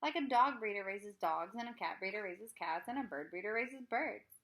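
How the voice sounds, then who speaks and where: A woman's voice: medium pitch, animated, normal speed, fairly bright tone. A woman reading as a bossy young girl. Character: bossy, self-assured young girl babysitter. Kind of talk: reading a children's book aloud.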